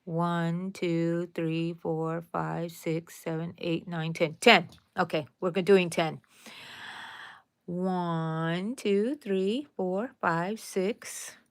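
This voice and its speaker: A woman's voice: on the low side, fairly even intonation, drawn-out words, clear, resonant tone, dry recording, studio quality. A woman hosting a casual crochet tutorial, chatting to viewers and counting her stitches aloud.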